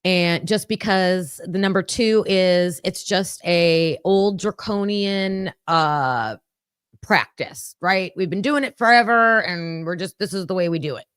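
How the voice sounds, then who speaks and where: Casting note: woman, low voice, unhurried commentary, dry close sound. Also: fairly bright tone, clean tone, dry recording. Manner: thinking aloud with fillers, reading notes. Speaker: true crime commentator. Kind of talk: casual commentary livestream.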